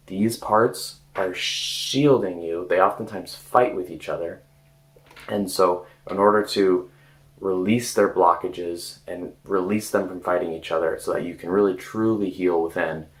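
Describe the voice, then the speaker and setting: A man with a very deep voice gives a gentle, casual coaching talk. He speaks hesitantly and often restarts or trails off into fillers. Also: low-quality recording. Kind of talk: casual self-help talk.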